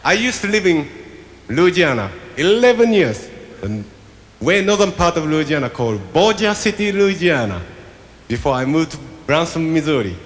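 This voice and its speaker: A man hosting his own live stage show, joking with the audience in halting, slightly broken English. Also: fairly high pitch, big pitch swings. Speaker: stage show host and performer. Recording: roomy theater VHS recording with loud band and audience.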